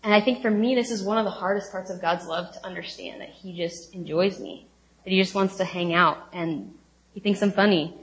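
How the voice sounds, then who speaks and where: A young woman gives a relaxed teaching talk on a Bible story. She speaks informally and chattily, with plenty of fillers and playful retellings. Her pitch sits in an ordinary middle range. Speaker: speaker at a college ministry talk.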